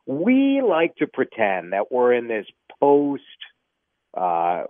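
A man who works as a TV news anchor, a guest on a radio chat show, who speaks in an animated, opinionated way and is quick to joke. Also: medium pitch, no echo, phone-quality sound.

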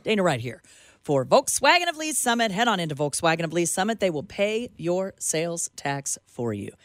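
A woman's voice: on the low side, sing-song, moderate pace, no echo. A woman co-hosting a talk radio show, chatty and emphatic, who also reads ads. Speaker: radio co-host. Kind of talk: talk radio chat and live read ads.

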